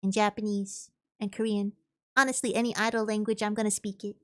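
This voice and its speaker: A woman's voice: mid-range voice, flat delivery, fairly quick, a bit bright. A woman streamer chatting casually while gaming, thinking aloud and answering chat.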